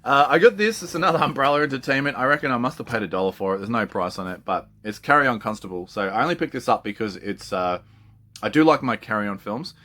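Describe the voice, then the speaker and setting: A man's voice: medium pitch, expressive, quick pace, pushed and bright. A man chatting casually and with enthusiasm, often laughing and swearing freely. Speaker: collector. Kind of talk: casual chat.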